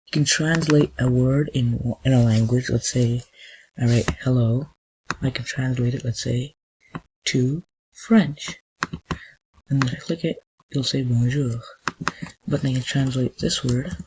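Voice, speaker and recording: Man, mid-pitched, casual tutorial host who narrates his own clicks with lots of restarts. Faint hiss and keyboard typing underneath. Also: steady tone, unhurried, long pauses, darkish tone, rough recording. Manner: thinks aloud while clicking, with frequent restarts. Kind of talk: casual screen-recorded tutorial.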